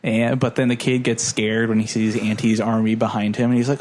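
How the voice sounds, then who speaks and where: A man's voice: mid-range voice, a little fast. Rambling young man recapping a movie. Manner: animated retelling with lots of "like", puts on silly voices for characters. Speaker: podcast co-host. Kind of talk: casual movie plot recap.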